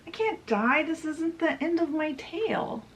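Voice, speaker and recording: A woman's voice: high-pitched, expressive, unhurried, a little hiss or hum, pitched above the performer's own voice. A woman voicing a defiant young male pirate in a book retelling, pleading in a raised voice.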